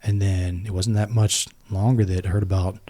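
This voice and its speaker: A middle-aged man tells a childhood story in a low, warm, mellow voice. He speaks earnestly and reflectively, restarting sentences and leaning on "like" as he gathers his thoughts. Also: level tone, moderate pace. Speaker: podcast guest, former Navy SEAL. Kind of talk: personal storytelling in conversation.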